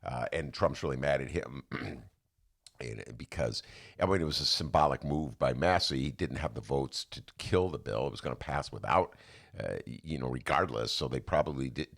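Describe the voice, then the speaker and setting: A man's voice: very deep voice, moderate pace, creaky, a bit bright. A man hosting a podcast in loose, rambling, self-deprecating chat. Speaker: podcast host. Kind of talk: casual chat.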